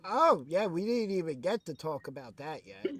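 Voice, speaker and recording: A man with a notably high speaking voice, co-hosting a wrestling chat show. He breaks down matches eagerly and often adds "to be perfectly honest." He speaks in casual, animated bursts. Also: moderate pace.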